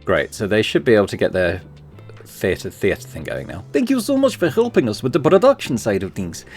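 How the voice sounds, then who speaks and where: A man reading a game's theatre organizer in a higher, excited voice, talking fast about plans. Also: faint music behind. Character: enthusiastic young theatre organizer.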